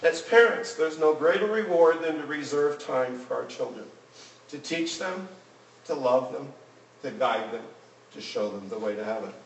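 A man's voice: mid-range voice, lively intonation, normal speed. A man teaching a Bible class in an earnest tone, reading scripture aloud to the group. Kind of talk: Bible lesson. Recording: roomy room, mic at a distance.

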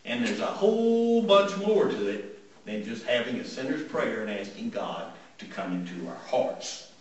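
Man, preacher, sermon, storytelling, emphatic repetition, lively swooping pitch, heavy echo, distant mic. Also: a little slow, lo-fi sound. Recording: very echoey room, mic far off.

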